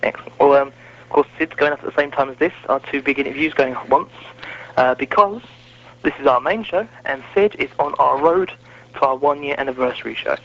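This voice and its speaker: This wrestling podcast host keeps things casual, chatty and self-deprecating. He speaks in a mid-range, slightly bright voice at a somewhat quick pace, and the recording sounds muffled and lo-fi.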